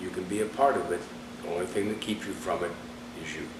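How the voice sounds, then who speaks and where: A man's voice: low voice, fairly even intonation, quick pace, far from the mic, noisy background. Man teaching a Bible study in an echoey room. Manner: conversational, asks rhetorical questions. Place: indoor room with a group.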